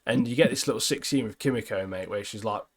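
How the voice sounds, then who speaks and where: A man's voice: lowish voice, fast talker, breathy edge. A man co-hosting a podcast, animatedly retelling scenes in casual chat and often ending phrases with "mate". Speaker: podcast co-host.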